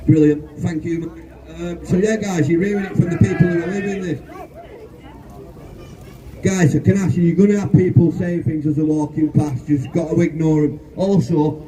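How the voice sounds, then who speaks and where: A man's voice: fairly high pitch, mellow, distant mic, rough recording. A man acting as organiser and MC at a street protest, giving friendly safety notes and rousing introductions. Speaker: rally organiser and MC. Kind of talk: announcing to a crowd. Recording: outdoor protest with crowd noise.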